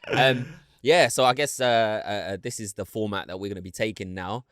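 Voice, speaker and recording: A man's voice: fairly low pitch, fairly quick, a bit bright, no echo, clean studio sound. Joking young man on a video call. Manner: joking, lots of slang and restarts. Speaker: podcast co-host. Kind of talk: casual chat.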